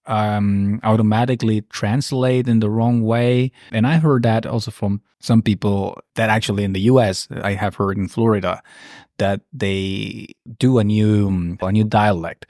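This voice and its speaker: A man's voice: on the low side, no room sound, clean studio sound. A man hosting a podcast, chatting casually and reacting with short interjections. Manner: relaxed, laughs often, short interjections. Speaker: podcast host.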